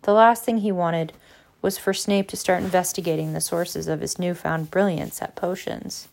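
A woman's voice: lowish voice, fairly even intonation, normal speed, creaky, a little mellow. Woman reading a storybook aloud. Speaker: audiobook reader. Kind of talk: storybook narration.

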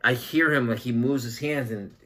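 A man's voice: mid-range voice, moderate pace, sharp tone. A man in his thirties co-hosting a podcast, chatting casually with profane, joking rants about his kids. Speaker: podcast co-host. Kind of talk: casual chat.

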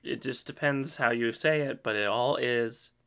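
A man co-hosting a casual podcast, laid-back and quick to laugh, with an actor's playful streak. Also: mid-range voice, pushed and bright, smooth. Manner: theatrical, from acting work. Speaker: podcast co-host. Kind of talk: casual chat.

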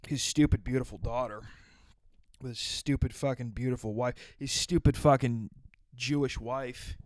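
A man's voice: medium pitch, steady tone, moderate pace, a little mellow, no room sound, studio quality. A man hosting his own podcast, riffing crudely and profanely in a rambling solo rant. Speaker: podcast host.

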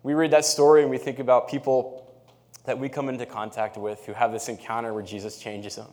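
A man giving a sermon in an easy, conversational way, his voice sitting in a middle male range. He gets animated as he tells the story and reads scripture aloud. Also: medium pitch, fairly quick. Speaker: pastor.

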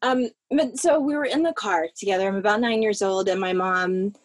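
Podcast guest, woman from the American South. Heartfelt, halting storytelling, dry close mic. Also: medium pitch, no room sound. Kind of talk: personal storytelling in a podcast interview.

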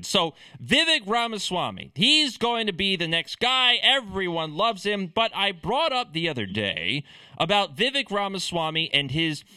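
A man's voice: high voice, sharp tone, dry recording. A man giving sarcastic, opinionated political commentary in a ranting manner.

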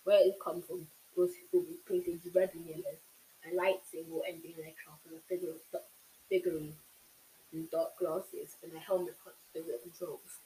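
A host reading a novel aloud in steady narration, with small slips now and then. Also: medium pitch, slight background noise, low-quality recording. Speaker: audiobook reader, channel host.

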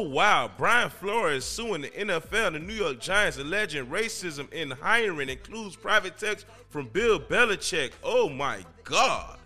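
A man hosting his own podcast, talking casually in an excitable, slangy, emphatic way. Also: a little high. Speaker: podcast host. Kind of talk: casual solo podcast commentary.

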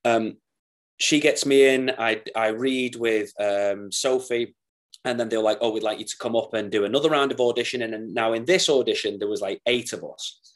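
Northern English male actor, guest on a podcast, lively storyteller who swears freely. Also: mid-range voice, moderate pace. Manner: animated, swears, acts out quoted voices. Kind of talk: casual storytelling chat.

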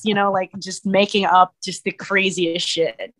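A woman, a musician and streamer, chatting as a podcast guest and telling stories in an animated way, full of "like". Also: mid-range voice, moderate pace, few pauses. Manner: animated storyteller, many "like" fillers. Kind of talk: casual interview chat.

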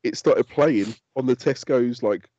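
A man's voice: medium pitch, measured pace, dry recording, highs cut off. A man, co-hosting a podcast in casual chat and telling stories with lots of swearing. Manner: sweary, animated storytelling. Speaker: podcast co-host.

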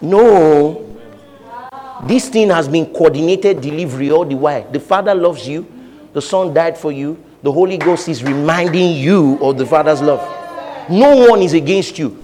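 Male pastor, fairly high voice, lively preaching that acts out voices, echoing hall. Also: moderate pace, a little hiss or hum. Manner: animated preaching, acting out voices, frequent laughter. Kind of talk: sermon.

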